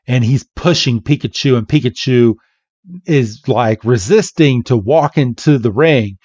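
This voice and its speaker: A man hosting a podcast, giving a playful, animated comic recap narration. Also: medium pitch, measured pace, no echo, muffled recording. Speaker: podcast host.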